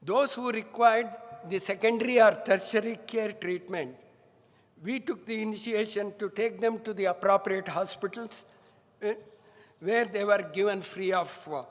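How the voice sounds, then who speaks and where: A middle-aged man giving a formal welcome speech as a medical college director, measured and full of honorifics. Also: high voice, steady tone. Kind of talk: formal ceremonial address. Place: large hall. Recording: long hall reverb.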